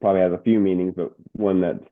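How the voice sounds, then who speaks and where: A man's voice: low voice, fast talker. Middle-aged man on a tinny line. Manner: animated, stumbling restarts and word repeats. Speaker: guest, motivational speaker and coach. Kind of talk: casual interview storytelling.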